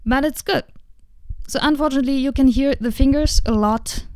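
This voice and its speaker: A woman's voice: sits high, a little fast, dry recording. A woman hosting a live-streamed tech tutorial, chatting casually as she shows and tests microphones at her desk. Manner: chatty, hands-on, demonstrating microphones. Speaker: streamer explaining audio gear. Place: indoor room at a streaming desk. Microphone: switching between test microphones.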